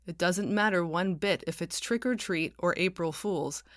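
A gruff, blunt man handling the money, played by a woman reader, snaps out his points. His storybook voice is plain-spoken and curt. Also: high voice, normal speed, a bit bright, dry recording, studio quality. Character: gruff blunt male church treasurer.

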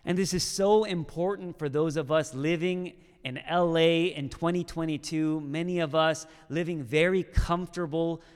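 A pastor speaks in a smooth, resonant voice that sits a little high for a man. His sermon runs conversational, checking in with "okay?" and "right?" as he goes. A long reverb trails each line, as in a large hall.

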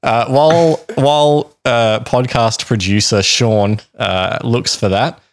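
A man's voice: mid-range voice, takes it slowly. A man hosting a podcast, telling a history story in a casual, joking, rambling way. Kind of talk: casual chat.

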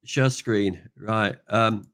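A man's voice: on the low side, very slow, fairly bright tone. An older man hosting a podcast over a video call, chatting casually, rambling and joking with lots of ums. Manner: rambling, joking, self-deprecating, with many fillers. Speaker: podcast host, truck driver.

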